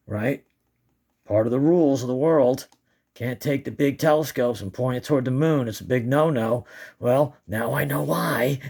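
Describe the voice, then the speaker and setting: A man of medium pitch talks casually over his own footage. He rambles and restarts his sentences, and he keeps breaking into giggles as he goes. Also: darkish tone, breathy edge. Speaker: amateur moon filmer. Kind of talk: casual excited commentary.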